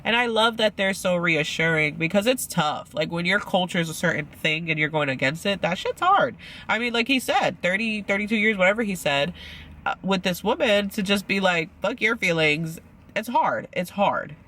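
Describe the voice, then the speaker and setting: A man's voice: high-pitched, animated, a little fast, pushed and bright, slight background noise. A man chatting casually as he recaps a reality show, rambling with lots of "like" and acting out quotes. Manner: chatty and rambling, heavy use of "like", acts out quotes.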